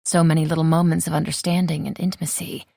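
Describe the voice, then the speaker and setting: A woman narrates a romance audiobook in an even, measured way. Her voice is low and husky, with some fry. The recording is close and dry. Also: dry recording. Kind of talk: scripted narration.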